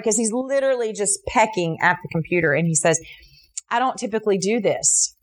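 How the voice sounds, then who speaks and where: A middle-aged woman earnestly telling a personal story in an interview, with fillers and restarts, acting out the voices in what people said. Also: brisk. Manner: earnest, animated retelling with many fillers and restarts; voices others in quotes, jumping high for her own reactions.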